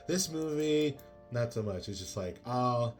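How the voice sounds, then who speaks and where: A man's voice: mid-range voice, lively intonation, normal speed, a little mellow, soft background music. A man giving a casual spoken movie review, rambling with many fillers and exasperated asides.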